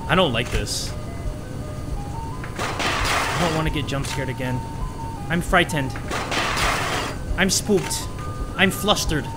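A man hosting a horror game video, making excitable, joking commentary and yelping when startled. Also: fairly high pitch, takes it slowly, long pauses, over loud music. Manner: excitable, jokey, loud startled yelps. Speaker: gaming video host.

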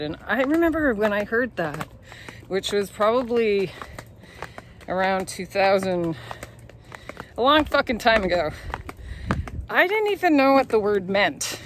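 A woman's voice: mid-range voice, expressive, a little slow, long pauses, a bit bright, a little hiss or hum. Candid, laughing woman vlogging outdoors. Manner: candid, laughing, swears freely. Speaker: tour guide. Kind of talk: casual vlog monologue. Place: outdoors on a hillside lookout.

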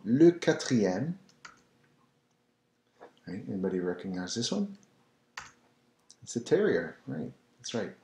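A man teaching pronunciation, who repeats each word slowly and coaxes the listener to try it. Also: fairly low pitch, mellow. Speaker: French teacher. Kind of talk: slow, patient pronunciation lesson. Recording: echoey room.

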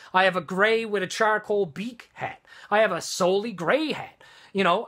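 A vlogger vents to camera in a heated, swearing rant, circling back and restarting sentences. The voice is bright and forceful, pitched in the middle. It is recorded in a room at home. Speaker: vlogger and wedding studio owner. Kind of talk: angry profane rant to camera.

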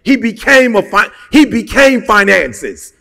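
A man's voice: high-pitched, sing-song, measured pace, creaky, sharp tone, long reverb tail. A man giving a motivational talk, emphatic and colloquial, firing off rhetorical questions. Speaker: motivational speaker.

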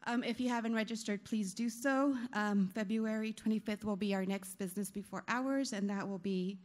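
A woman's voice: mid-range voice, a little mellow. A woman, chamber of commerce president, giving upbeat closing announcements at a business breakfast, a bit out of breath and full of fillers. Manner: upbeat, many fillers, rushing to wrap up. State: a little out of breath.

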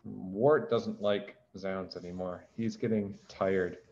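A man reading a picture book aloud to children, gently explaining words as he goes. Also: low-pitched, steady tone, slow pace, vocal fry, highs cut off, slight background noise. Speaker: teacher reading a storybook aloud.

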